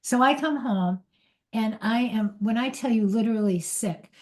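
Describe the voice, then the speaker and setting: A woman's voice: fairly high pitch, moderate pace, a little mellow. Candid woman telling a confessional story. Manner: candid and confessional, often laughing at herself, with restarts. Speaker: spiritual teacher. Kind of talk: personal storytelling in a spiritual talk.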